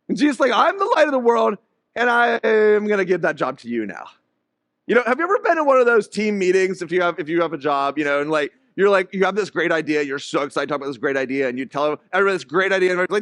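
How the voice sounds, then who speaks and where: A middle-aged male pastor preaching a sermon, telling stories with lively acted-out voices. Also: sits high, quick pace, no echo, studio quality. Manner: animated storytelling with acted-out voices.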